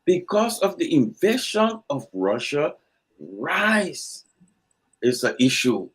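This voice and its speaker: A man's voice: on the high side, sing-song, takes it slowly, breathy edge, soft background music, poor audio. A man, arguing his point insistently in a heated political debate and repeating himself when cut off. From Liberia. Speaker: panel guest.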